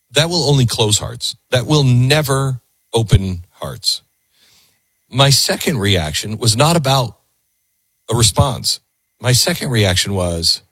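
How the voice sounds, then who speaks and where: A man's voice: fairly low pitch, a bit bright, slightly rough, dry recording, clean studio sound. A man hosting a call-in radio talk show, earnest and reflective, often repeating words as he searches for them.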